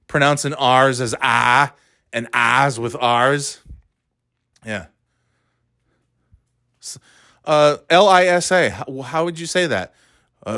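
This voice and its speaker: A man ranting with exasperated sarcasm and plenty of profanity, his pitch in an ordinary middle range. The recording is dry and close, with no room sound around him. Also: animated, slow, pauses often, fairly bright tone, no room sound. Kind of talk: ranting monologue.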